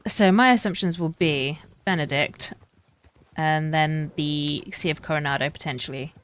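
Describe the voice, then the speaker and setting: A British woman chatting in character in a roleplay stream, thinking out loud in a rambling way. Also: low voice, normal speed, a little hiss or hum. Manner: rambling, talks her thoughts out loud.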